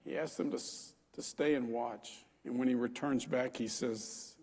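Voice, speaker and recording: A man's voice: mid-range voice, fairly even intonation, normal speed, few pauses, darkish tone, husky, long reverb tail. A man preaching a sermon as pastor, talking in a conversational way with frequent fillers.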